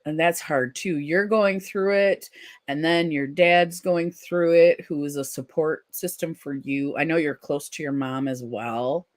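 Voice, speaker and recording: A live-stream host reading viewer comments aloud in a casual chat and answering gently and supportively, with frequent ums and restarts. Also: medium pitch, fairly even intonation, measured pace.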